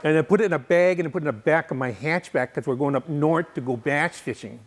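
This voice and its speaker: A man's voice: a little high, fast, close to an everyday voice. A man putting on a hearty Wisconsin working man with an exaggerated folksy drawl.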